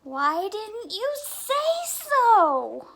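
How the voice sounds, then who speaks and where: Brief: woman voicing a cranky storybook sheep, exasperated, slow and raised, with a gravelly edge. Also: high-pitched, animated, bright, forceful tone, full character voice. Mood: fretful. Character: fussy grumpy female sheep, storybook.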